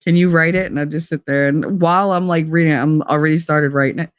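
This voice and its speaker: Talking quickly with fairly even intonation and a low voice, a woman runs a livestream talk show, casually chatting with viewers. She tells stories bluntly and profanely, laughing and putting on accents, in a dry, clean studio recording.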